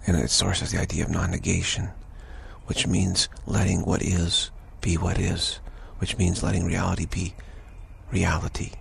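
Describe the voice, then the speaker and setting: A man giving a slow, contemplative spiritual talk, halting and repeating words, his voice rough with early morning. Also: low-pitched, level tone, slight background noise. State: early morning voice, clearing throat. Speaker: spiritual teacher.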